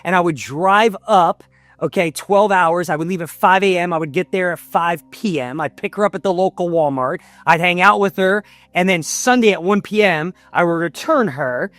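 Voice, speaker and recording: A man, a coaching guest on a podcast, telling an intense, heartfelt personal story that builds to shouts at its peaks. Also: high-pitched, normal speed, dry recording.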